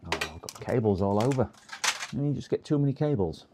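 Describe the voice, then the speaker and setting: A man's voice: fairly low pitch, animated, fairly quick, background noise. A man talking casually on a livestream while repairing a PC, muttering to himself as he works. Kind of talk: casual live commentary while working.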